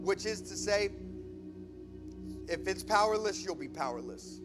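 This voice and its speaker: High-voiced, emphatic male pastor. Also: measured pace, pauses often, music in the background. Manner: emphatic, acts out scripture scenes. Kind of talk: sermon. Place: church.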